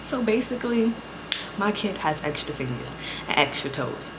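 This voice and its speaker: A young woman vlogger telling a story in a casual, profane, animated way, acting out both sides of the conversations. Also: mid-range voice, moderate pace, background noise. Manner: profane, animated storytelling with quoted back-and-forth.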